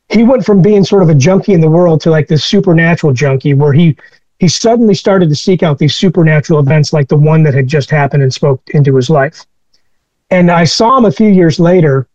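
A man with a notably high voice recounts personal stories as an interview guest. He talks in a candid, reflective way. The recording is dull, lo-fi and dry. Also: darkish tone, dry recording.

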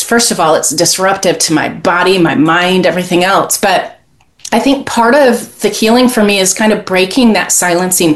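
A woman speaking frankly and with passion as a guest in a podcast conversation, laughing now and then. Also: fairly low pitch.

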